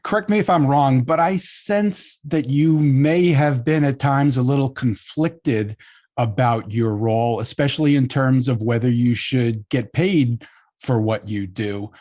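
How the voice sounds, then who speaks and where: Measured podcast interviewer asking questions. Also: medium pitch, dark tone.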